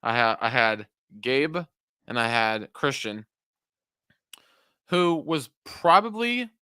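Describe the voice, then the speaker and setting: Rambling young man, bright dry voice. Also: mid-range voice, sing-song, slow, clear, resonant tone, no room sound. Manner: rambling, self-interrupting, swears often. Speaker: podcast co-host. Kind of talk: casual chat.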